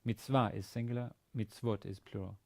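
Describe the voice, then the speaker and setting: This lowish, gravelly male voice moves briskly with fairly even intonation. He's a university lecturer in a Biblical Hebrew lesson who reads each Hebrew sentence aloud, translates it, and methodically explains the grammar step by step.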